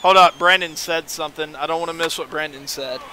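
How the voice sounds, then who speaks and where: Streaming a video game, a man chats casually and rambles to his audience, reading the chat out loud. His voice sits on the high side, brisk, bright and pushed, with fairly even intonation. There's slight background noise.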